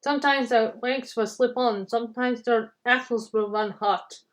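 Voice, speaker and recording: A woman reading a children's storybook aloud, halting with restarts and clearing her throat. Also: fairly high pitch, fairly even intonation, low-quality recording.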